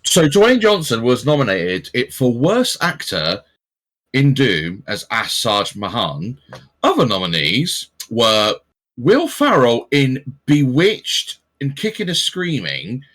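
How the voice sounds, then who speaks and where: A man's voice: medium pitch, slow. A man in casual podcast chat, sarcastic and swearing freely as he runs through film trivia. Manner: swearing, sarcastic, lively storytelling. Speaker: podcast co-host.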